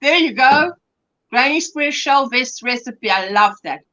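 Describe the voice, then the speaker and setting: Woman, livestream co-host, casual chat, very bright and animated, high pitch. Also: unhurried, muffled recording.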